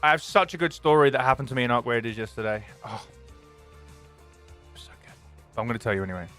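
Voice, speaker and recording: A young man, live streaming and chatting casually with viewers, greeting them by name and telling excitable stories. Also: medium pitch, brisk, soft background music.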